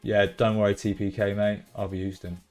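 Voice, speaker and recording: A young British man chatting casually on a live stream, reacting loudly to results and bursting into cheers and swearing. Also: fairly low pitch, flat delivery, moderate pace, soft background music. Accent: British English. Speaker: streamer hosting a fantasy football stream. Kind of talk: casual live-stream chat, reading out chat messages.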